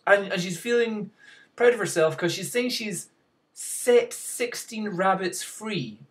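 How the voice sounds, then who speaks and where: A man's voice: sits high, expressive, takes it slowly, far from the mic. Wry rambling man vlogging. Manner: rambling and wry, chuckling often. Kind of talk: casual news commentary.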